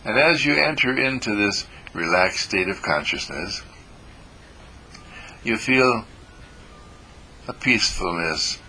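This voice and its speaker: An older man leading a guided meditation, speaking slowly and soothingly with deep audible sighs and breaths. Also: animated, sharp tone, slight background noise, low-quality recording. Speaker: meditation teacher.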